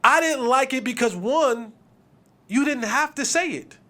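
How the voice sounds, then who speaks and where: A man's voice: very high voice, expressive, measured pace, bright, forceful tone. A man hosting a sports podcast, talking emphatically with repetition and slang. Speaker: podcast host.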